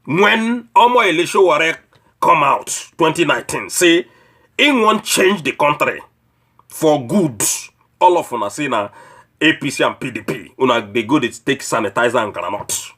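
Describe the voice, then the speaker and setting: A man's voice: on the high side, animated, moderate pace, sharp tone, husky. A man with a Nigerian Pidgin accent giving a preachy political rant that scolds his listeners with mocking rhetorical questions. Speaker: online commentator.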